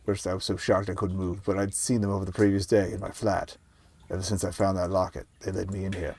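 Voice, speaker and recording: A man's voice: flat delivery, fast talker, a little mellow, slight background noise. A man streaming a point-and-click game, reading its dialogue aloud in a casual, murmured way and swearing now and then. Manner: casual, swears, reads lines in a low murmur.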